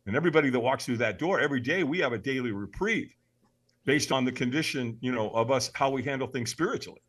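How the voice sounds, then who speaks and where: Animated, bright-voiced storytelling man. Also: medium pitch, quick pace. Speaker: podcast guest. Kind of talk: storytelling in an interview.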